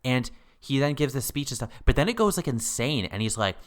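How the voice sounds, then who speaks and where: A man co-hosting a podcast, chatting casually about a TV episode, animated and laughing often. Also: mid-range voice, brisk. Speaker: podcast co-host. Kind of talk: casual chat about a TV show.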